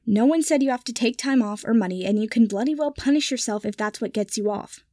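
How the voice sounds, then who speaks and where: A woman's voice: mid-range voice, brisk, darkish tone, no echo, studio quality, close to an everyday voice. A woman reading aloud, voicing a sour, curt young nobleman who speaks in clipped mutters. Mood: irritated.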